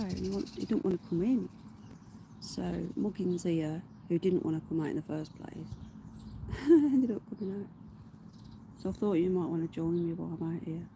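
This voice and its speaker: A woman chats casually to her livestream viewers while out in the garden. Her voice sits a little low, and she swears offhand. Outdoor noise is clearly audible behind her. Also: moderate pace. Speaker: livestream host.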